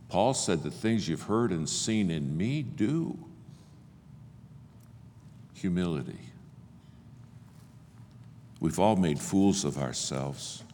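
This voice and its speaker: An older man preaching a sermon, telling stories and acting out the dialogue with big swings in pitch and loudness. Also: slight background noise. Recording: long hall reverb, faint ambience.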